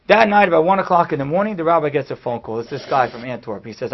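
A man giving a storytelling sermon, animated and acting out the people he quotes, in a dull lo-fi recording. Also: a little high, fast talker, few pauses, slight background noise. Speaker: speaker giving a talk.

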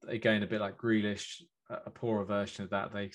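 A man's voice: fairly low pitch, flat delivery, brisk. A man co-hosting a football podcast, reasoning through his views in casual chat.

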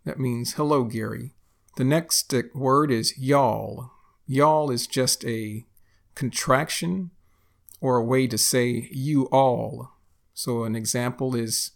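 A man from Texas with a Texan accent, teaching English phrases slowly and deliberately, repeating each example. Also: medium pitch, creaky. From Texas, United States. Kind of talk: explaining lesson.

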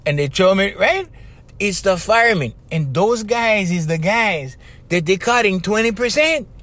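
Middle-aged Hawaiian Pidgin-speaking male host; raised pitch, swinging intonation, talks straight to his listeners. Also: unhurried. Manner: animated, chatty, addresses listeners directly with 'bruh' and 'right?'. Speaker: podcast host. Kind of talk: casual motivational talk.

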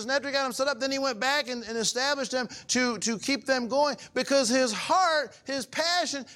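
A man preaching a conversational sermon as pastor, often asking the congregation if they follow, with his voice swinging between raised and hushed. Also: sits high.

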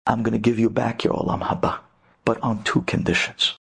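A man voicing a calm, stubborn young male yeshiva student who speaks low and firm. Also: brisk, creaky, slightly rough, exaggerated voice.

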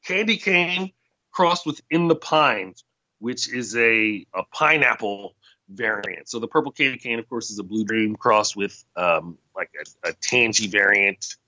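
A man's voice: fairly low pitch, sharp tone, no echo. A man hosting a casual solo podcast, rambling and sarcastic, often breaking into laughter at his own jokes. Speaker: podcast host.

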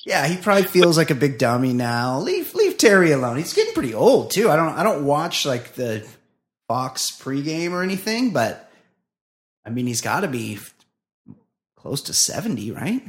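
Blunt, rambling podcast co-host. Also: male voice, a little high, very animated, normal speed. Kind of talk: casual comedic banter.

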